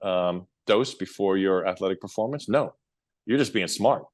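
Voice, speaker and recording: Brief: middle-aged male podcast guest, low voice, animated storyteller, dry close sound. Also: normal speed, no echo. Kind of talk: casual interview storytelling.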